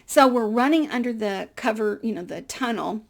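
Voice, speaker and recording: Middle-aged woman, vlog storyteller, animated delivery, slightly high voice with a gravelly edge. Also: normal speed. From United States. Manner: lively, animated storyteller who acts out dialogue. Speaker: vlogger. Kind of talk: personal storytelling.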